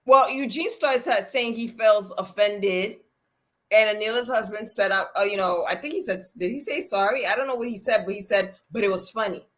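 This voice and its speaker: Animated woman recapping reality TV. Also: fast, hardly any pauses. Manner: animated, acts out quotes with big pitch jumps. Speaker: reality TV podcast co-host. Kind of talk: casual chat.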